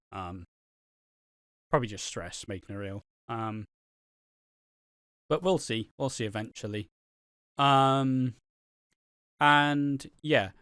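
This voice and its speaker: A man's voice: mid-range voice, fairly bright tone, clear, resonant tone, no echo, studio quality. A man hosting a casual review podcast, rambling with many fillers and the odd swear word. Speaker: podcast host reviewing a soap opera. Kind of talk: casual chat.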